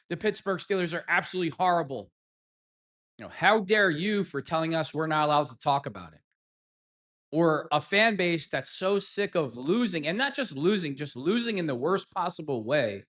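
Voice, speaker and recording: A man's voice: high-pitched, big pitch swings, moderate pace, a bit bright. A man hosting a fan reaction show, ranting heatedly and sarcastically at sports pundits. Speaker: sports commentary host.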